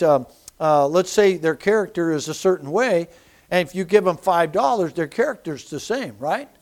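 A man preaching a sermon, animated and personal, often restarting phrases as he tells his testimony. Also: sits high. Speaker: pastor.

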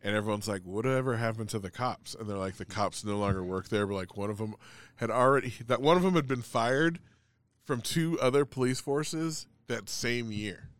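A man's voice: on the low side, moderate pace, no room sound. A man in casual chat, telling a long story in a rambling way, full of "like" and swearing.

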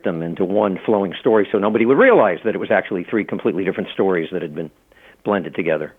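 A middle-aged man speaks in a fairly low voice, telling stories in a loose, rambling way full of fillers and restarts. He is a guest in a casual interview. The sound is thin and tinny, as if coming down a phone line. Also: animated, very fast, breathy edge. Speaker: author and law professor, guest.

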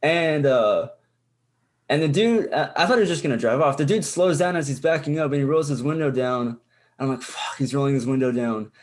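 A young adult man co-hosting a podcast talks fairly quickly in a voice on the high side, with lots of expression. His casual chat rambles and swears, packed with fillers and restarts.

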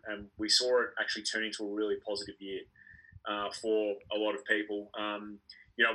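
Co-host: man, low and husky, bright-edged tone, thoughtful and hesitant delivery. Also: rough recording. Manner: hesitant, thoughtful, many ums. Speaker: podcast co-host. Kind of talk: casual sports podcast chat.

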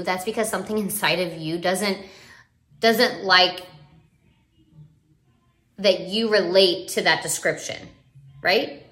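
A young woman who vlogs about parenting talks earnestly in a casual live video chat, rambling along with lots of fillers and restarts. Her voice is fairly low and a little bright, and the recording has a roomy echo.

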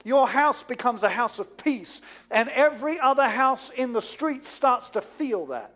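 A man, a pastor preaching a sermon, rising to emphatic bursts and then dropping low and quiet. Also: very animated, unhurried. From England.

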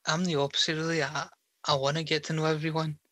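Bright-voiced easygoing podcast host. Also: male voice, a little high, little pitch movement, fast talker, dry recording. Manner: easygoing, brief replies and pushback. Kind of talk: casual chat.

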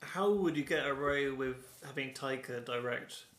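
A man's voice: mid-range voice, normal speed, a bit bright. A man co-hosting a casual film chat, with dry, wry quips. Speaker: podcast co-host. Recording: echoey room.

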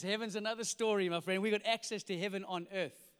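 A man preaching a sermon in a large church, energetic and jokey, acting out little voices in his stories. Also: high-pitched, a little fast, smooth. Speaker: pastor. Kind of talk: sermon with comic storytelling. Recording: reverberant church hall.

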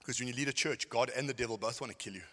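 A middle-aged man preaching a sermon, telling stories and swinging between shouted lines and quiet asides. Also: mid-range voice, racing. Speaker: pastor. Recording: hall with long reverb.

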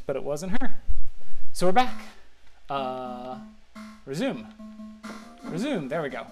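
Playing a video game with music in the background, a man rambles casually through a self-mocking play-by-play, bursting into sudden exclamations. His voice is a little high with big pitch swings, and he speaks unhurriedly, pausing often.

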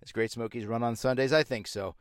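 A man's voice: mid-range voice, fairly even intonation, a little fast, dry recording, clean studio sound. Sarcastic rambling male show host. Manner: sarcastic, rambling, many restarts. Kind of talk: casual rambling monologue.

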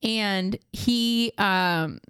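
Chatty woman telling animated stories. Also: medium pitch, drawn-out words, clear, resonant tone, dry recording, studio quality. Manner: animated storytelling, mimics voices, laughs often. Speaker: podcast co-host. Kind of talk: casual chat.

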